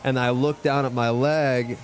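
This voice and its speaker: A young man streaming live, telling a story casually, animated and full of profanity. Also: medium pitch, a little slow, soft background music. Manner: profane, animated, heated retelling.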